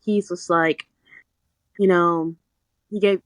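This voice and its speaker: A woman's voice: fairly low pitch, slow, no room sound, low-quality recording. A young woman co-hosting a podcast, recapping a book in casual chat and acting out what the characters say. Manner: animated storytelling, quotes characters in little voices. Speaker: podcast co-host.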